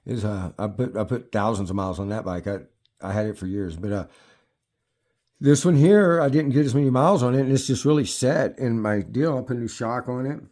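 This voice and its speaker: A man's voice: mid-range voice, fairly quick, a little mellow. A man in his fifties talking casually to camera about his e-bike, rambling and swearing often, with frequent restarts. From United States. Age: 50s. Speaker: e-bike vlogger. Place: at home near his bikes.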